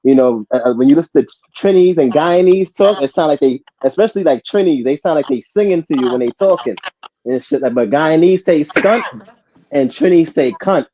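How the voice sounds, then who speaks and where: A man's voice: fairly high pitch, expressive, a little fast, warm tone. A man, explaining things in a casual chat, easygoing and agreeable. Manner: laid-back, agreeable, explanatory. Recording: dull lo-fi sound.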